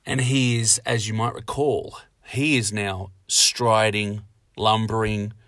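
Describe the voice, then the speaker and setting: A man's voice: fairly low pitch, little pitch movement, takes it slowly, fairly bright tone, no room sound, studio quality. A man in casual chat, narrating a role-play game story in careful detail. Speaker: podcast co-host.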